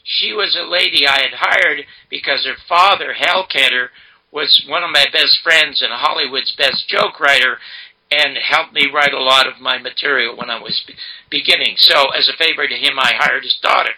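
An older man, a guest in an interview, retelling a story emphatically and dramatically in a gravelly, husky voice. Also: mid-range voice, moderate pace, pushed and bright, poor audio. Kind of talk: animated storytelling.

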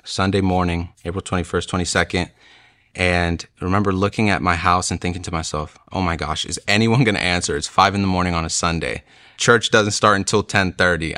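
Deep-voiced young man telling his testimony. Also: brisk, pushed and bright, dry recording, clean studio sound. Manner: earnest, emotional storytelling. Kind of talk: personal testimony.

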